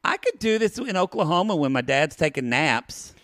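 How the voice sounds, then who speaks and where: A man co-hosting a podcast in casual chat, animated and playful, jumping into high-pitched quoted voices. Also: moderate pace, no room sound, clean studio sound. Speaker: podcast co-host.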